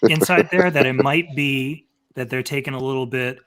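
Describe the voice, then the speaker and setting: A man hosting a casual gaming talk show, putting questions to the panel in a measured, wry way. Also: mid-range voice, crowd noise. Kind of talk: casual chat.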